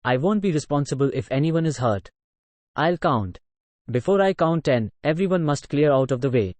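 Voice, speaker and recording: A man reading the part of a boastful, pushy gunman in an audiobook retelling, giving orders in a loud, commanding way with an Indian English accent. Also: a little high, animated, normal speed, no room sound, close to an everyday voice.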